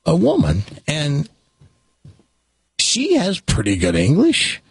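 A man hosting a talk show, telling an exasperated story to his audience in a lively, animated way. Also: on the high side, takes it slowly, vocal fry, breathy edge, no room sound.

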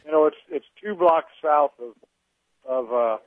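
A man's voice: fairly high pitch, a little slow, no room sound. A man calling into a radio show, talking in a rambling, hesitant way with many fillers. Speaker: caller, train conductor. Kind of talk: phone-in chat. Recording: dry, tinny phone line.

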